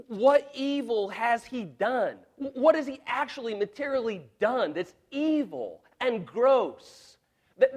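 A man's voice: extremely high pitch, pitched above the performer's own voice, exaggerated voice. A man voicing a flustered male governor, stammering and pleading with a mob.

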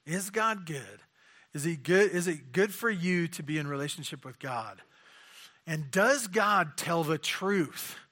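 A man's voice: a little high, bright, forceful tone. A man preaching a conversational sermon, asking rhetorical questions and often repeating his words.

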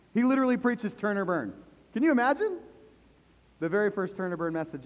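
A man preaching a sermon as pastor, asking the congregation questions and swinging between hushed and loud emphasis. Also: sits high, sing-song, fairly quick, pauses often. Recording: echoey hall, dull lo-fi sound.

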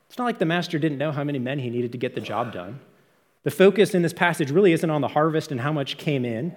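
A man's voice: a little high, big-room sound. A man preaching a sermon, explaining a scripture passage earnestly and asking rhetorical questions. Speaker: pastor.

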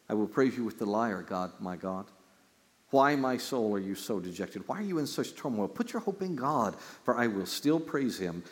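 A pastor preaching a sermon, reading scripture and explaining it with lively restarts. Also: male voice, mid-range voice. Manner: animated preaching with repeated restarts. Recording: hall reverb.

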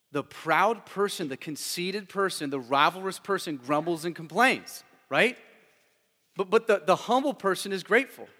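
A man's voice: a little high, fairly bright tone, in a large hall. A middle-aged man preaching a sermon as a pastor, talking conversationally with frequent rhetorical questions. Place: church sanctuary.

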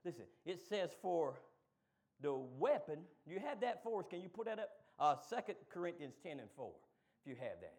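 High-voiced preacher man building to shouts. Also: big pitch swings. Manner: builds from low, quick asides to loud shouted call-and-response. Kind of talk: sermon.

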